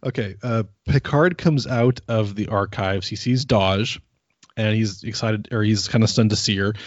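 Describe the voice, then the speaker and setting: Podcast co-host, male, lowish voice, loose rambling recap delivery, dull dry home recording. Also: normal speed, no room sound. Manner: rambling, plays out scenes in quoted voices. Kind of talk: casual chat recapping an episode.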